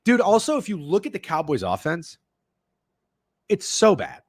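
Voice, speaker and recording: Man, sports betting host, swearing rant, swinging lively pitch, dry close sound. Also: normal speed, no room sound. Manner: profane, fired-up ranting; answers live chat messages. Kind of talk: casual ranting chat.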